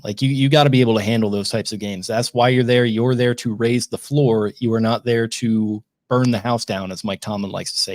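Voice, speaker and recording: A man's voice: fairly low pitch, no echo, clean studio sound. A young man co-hosting a sports podcast, sounding frustrated and packing his talk with colorful sayings. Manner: frustrated, lots of likes and restarts, colorful sayings. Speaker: podcast co-host.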